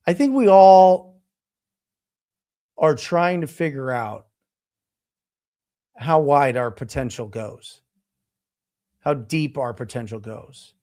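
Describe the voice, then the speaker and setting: A middle-aged man coaching on real estate in a casual motivational talk, animated and emphatic, repeating his key points. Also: medium pitch.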